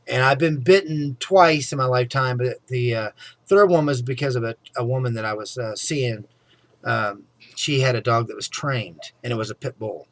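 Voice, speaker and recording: A man's voice: medium pitch, moderate pace, no room sound. A middle-aged man telling a personal story in a casual, rambling way, often saying "anyway" and "okay?". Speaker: vlogger.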